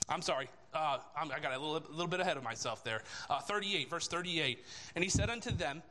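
Male lay preacher, conversational sermon, bright tone, echoing church hall. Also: fairly high pitch, fast talker. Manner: conversational, asks rhetorical questions. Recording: long reverb of a church hall.

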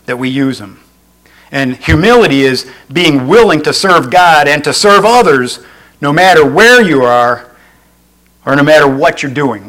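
A man's voice: fairly high pitch, fairly bright tone, rough recording. A male pastor preaching a sermon in an earnest way. He restates each point and adds folksy asides.

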